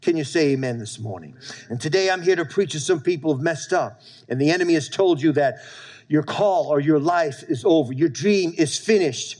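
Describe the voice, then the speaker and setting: Male pastor preaching emphatically to his congregation, voice sitting a little high. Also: animated, fairly quick, a little mellow, breathy edge. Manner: emphatic preaching, repeating lines and calling for amens. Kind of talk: sermon.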